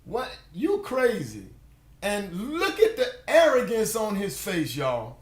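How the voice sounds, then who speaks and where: A man giving casual, mocking commentary on a news clip, animated and laughing often, mimicking words he hears. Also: high voice, slow pace, roomy sound. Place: home in Florida.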